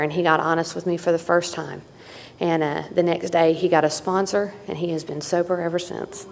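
A woman's voice: lowish voice, flat delivery, a little fast, creaky, slight background noise. A woman giving an earnest personal testimony to a recovery meeting, candid and repetitive as she tells her story. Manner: candid and earnest, with repeated phrases and restarts. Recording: echoey hall.

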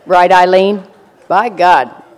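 A woman's voice: lowish voice, steady tone, takes it slowly. An older woman speaking at a recovery meeting, telling stories with brash, joking humor and frequent laughter. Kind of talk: humorous storytelling talk to an audience.

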